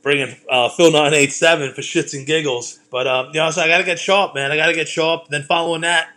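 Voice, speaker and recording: A man's voice: fairly high pitch, steady tone, fairly quick, sharp tone. A man, a comedian and host, talking in a loose, rambling monologue full of swearing and self-deprecating jokes. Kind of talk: casual monologue.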